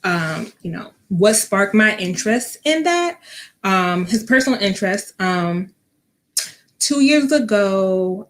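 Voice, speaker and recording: A young woman, a vet tech guest, telling a personal story in a casual interview with lots of ums and acted-out quotes. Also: medium pitch. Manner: many fillers, acts out quoted speech.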